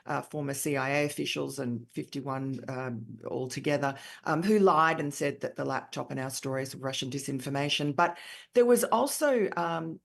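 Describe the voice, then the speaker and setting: A woman's voice: rumbling low, moderate pace, vocal fry. A middle-aged Australian woman giving an emphatic interview answer, with many ums and you-knows. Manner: frequent fillers, emphatic. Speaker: author and columnist guest.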